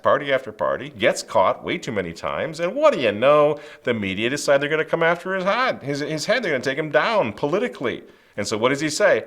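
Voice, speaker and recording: A middle-aged man hosting a commentary show, emphatic and sarcastic, swinging between loud outbursts and hushed asides, with many rhetorical questions. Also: a little high, very animated, a little fast. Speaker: show host. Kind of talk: impassioned political commentary.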